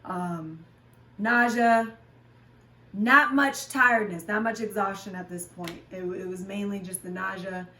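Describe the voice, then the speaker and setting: A candid woman in a relaxed vlog chat, talking openly with plenty of ums and likes. Her voice sits at an ordinary pitch and comes from a little way off the mic. The room around her adds a noticeable echo. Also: measured pace, slight background noise. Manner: frank and chatty, with many fillers. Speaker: fitness vlogger and class instructor. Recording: roomy sound, voice from a distance.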